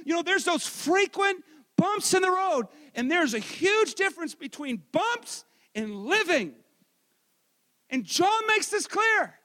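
High-pitched, loud, lively preacher man. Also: slow pace, long reverb tail. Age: adult, married. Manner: energetic, loud preaching with self-deprecating asides; swings between shouting and quiet asides. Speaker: pastor. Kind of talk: sermon.

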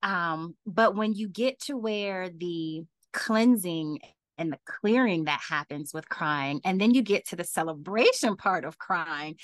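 A woman author answering podcast interview questions, talking animatedly and laughing often, her voice leaping up when she gets excited. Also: medium pitch, a little slow, no room sound. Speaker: author and guest.

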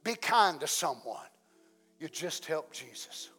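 A man preaching a sermon in a folksy way, asking the congregation many questions and swinging between loud exclamations and soft asides. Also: a little high, lively intonation, takes it slowly, slightly rough, faint music behind.

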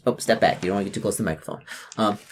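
A woman running a tabletop role-play game for kids, rambling with many restarts and quick voices for the characters. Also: very deep voice, background noise. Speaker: game master.

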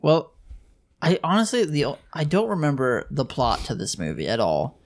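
A man's voice: fairly high pitch, wildly swooping pitch, moderate pace. A young man co-hosting a podcast, rambling and musing with many fillers. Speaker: podcast co-host. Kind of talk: casual chat.

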